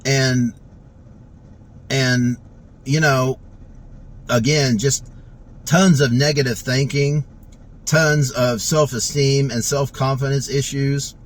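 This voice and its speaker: A man talks haltingly, full of restarts and fillers, as he shares a personal testimonial. He is choked up and close to tears, his medium-pitched voice recorded inside a vehicle. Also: fairly even intonation, poor audio.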